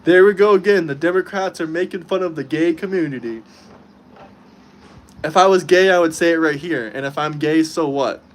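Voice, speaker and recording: An American man hosts a casual livestream from his own setup, addressing his chat directly in a combative, mocking way. His voice is a little high, and he speaks at a moderate pace.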